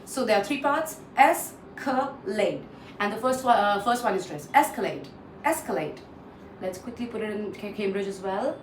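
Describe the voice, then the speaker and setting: A woman trainer walks through word pronunciations and repeats each one for drill. She pauses often with "uh". Her voice sits slightly off-mic in a roomy space with a faint hiss behind it. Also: medium pitch, far from the mic. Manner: frequent "uh" fillers. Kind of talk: online pronunciation lesson.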